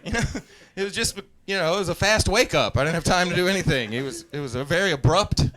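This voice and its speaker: A man in his forties from Southeast Texas doing live stand-up, telling stories in a laid-back way, often laughing at his own jokes and breaking into loud yelled impressions. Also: fairly high pitch, animated, fast talker. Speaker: stand-up comedian. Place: live comedy stage.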